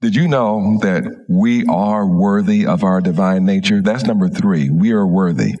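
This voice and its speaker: A middle-aged man, a minister, telling a story slowly and gently in a sermon. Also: low voice, dull audio.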